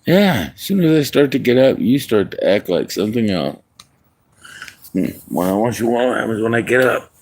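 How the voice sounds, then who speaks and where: A man's voice: mid-range voice, sing-song, normal speed, darkish tone, rough recording. A man livestreaming casually, rambling and joking crudely while talking to his cat.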